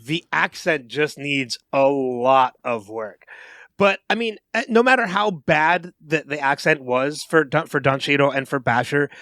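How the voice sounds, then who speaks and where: Brief: male podcast co-host, slightly high voice, excitable movie-review chatter, dry close sound. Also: measured pace, no echo. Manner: animated, restarts and repeats words when excited. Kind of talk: casual movie review chat.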